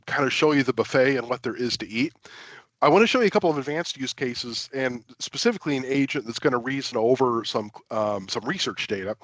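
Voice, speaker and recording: A man walks through software admin settings in a loose, self-deprecating webinar style, full of fillers and quick restarts. His voice sits in a middle range and sounds close and dry, with almost no room around it. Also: mid-range voice, no echo. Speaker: webinar presenter. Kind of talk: casual technical webinar talk.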